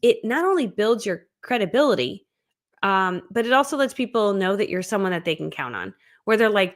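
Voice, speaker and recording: A woman hosting a live-streamed online business training, talking in an energetic, amped-up, chatty way and laughing often. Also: mid-range voice, fairly quick.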